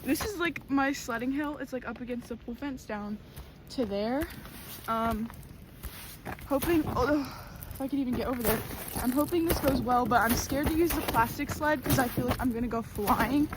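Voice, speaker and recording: This is casual vlog narration from a woman trudging through deep snow, talking at a moderate pace with exclamations, self-mockery, and a breathless, somewhat rough voice. A camera on a tripod captures her, at times from far away, leaving the outdoor audio noisy and filled with background sounds.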